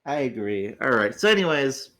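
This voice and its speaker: A man's voice: mid-range voice, big pitch swings, moderate pace, pushed and bright. A tired, groggy man hosting a casual livestream, rambling, stammering on restarts and swearing freely. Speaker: host.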